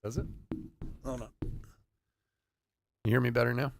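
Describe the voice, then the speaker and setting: A man's voice: medium pitch, level tone, normal speed, vocal fry, slight background noise. A middle-aged man hosting a live card break, chatting casually and telling stories with frequent laughter. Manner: storytelling, laughs often. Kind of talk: casual live-stream chat. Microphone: desk mic on a stream setup.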